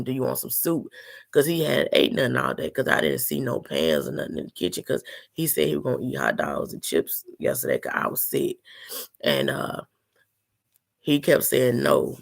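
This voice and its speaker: A woman's voice: very deep voice, creaky. A sick woman telling a personal story to her viewers in an earnest, emotional, casual way. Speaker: vlogger.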